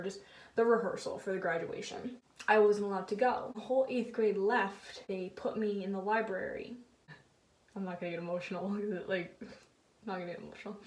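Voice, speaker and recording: A teenage girl tells a hurtful story from her own life in a candid, emotional vlog voice. Her pitch sits in an ordinary middle range. The mic is set back, and the room around her echoes. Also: darkish tone. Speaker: vlogger. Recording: roomy sound, mic at a distance.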